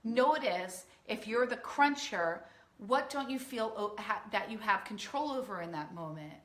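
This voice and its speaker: A woman's voice: medium pitch, expressive, unhurried, a bit bright, reverberant. A woman weight-loss coach speaking to a live online audience in an earnest, emphatic way, often acting out the voices in people's heads. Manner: earnest, emphatic, acts out quoted inner voices. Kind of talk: live-streamed coaching talk.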